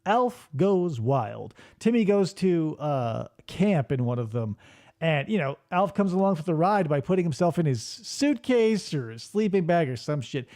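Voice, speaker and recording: Animated joking man riffing on commercials. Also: on the high side, unhurried. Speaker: radio show host. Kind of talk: casual comedic commentary on old commercials.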